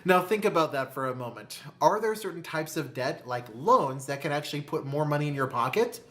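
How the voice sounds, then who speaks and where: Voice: mid-range voice, expressive, fairly bright tone. A host giving a motivational talk to camera about money, calling the listener "my friend" and asking rhetorical questions. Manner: slow, deliberate emphasis on key phrases. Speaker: personal finance video host.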